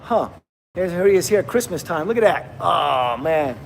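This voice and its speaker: A man's voice: on the high side, expressive, normal speed, vocal fry, slight background noise. A middle-aged man, hosting a casual livestream, chatting, laughing and reading viewer comments aloud. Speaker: livestream host.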